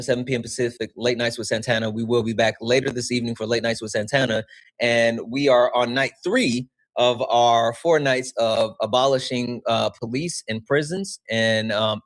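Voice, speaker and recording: A man's voice: mid-range voice, normal speed. A man hosting a livestream, talking casually with lots of swearing and frequent laughter. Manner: profane, animated, laughing often. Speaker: livestream host.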